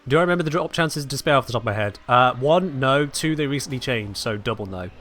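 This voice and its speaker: Speaking fast in a bright-ish mid-range voice with lively intonation, a man plays a game on a live stream and trades dry, sarcastic chat with his viewers.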